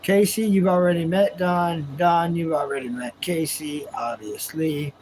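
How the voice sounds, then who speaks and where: Laid-back high-voiced streamer guy. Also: fairly even intonation, a little slow, a little mellow, a little hiss or hum, rough recording. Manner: laid-back, chatty, laughs often, drawls greetings. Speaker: livestream host. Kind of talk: casual chat with live viewers.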